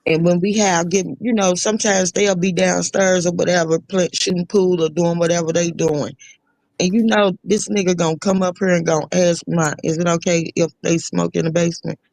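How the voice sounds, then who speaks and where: A middle-aged guest with a gravelly, mid-pitched voice chats bluntly on a livestream. The sound is dry and close, with no room around it. Talk is profane and self-mocking. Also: fairly even intonation, moderate pace, darkish tone, no room sound, low-quality recording. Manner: blunt, profane, laughing at itself. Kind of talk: casual chat.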